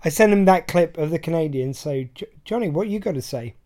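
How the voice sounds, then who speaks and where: Chatty woman podcast host, low mellow voice. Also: animated, a little fast. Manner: chatty, self-deprecating. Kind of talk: casual chat.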